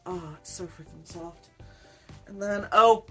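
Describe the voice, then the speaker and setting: A woman's voice: medium pitch, takes it slowly, soft background music. A woman weaver chatting in a rambling, self-deprecating way during a casual unboxing vlog, laughing often. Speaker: weaver, channel host.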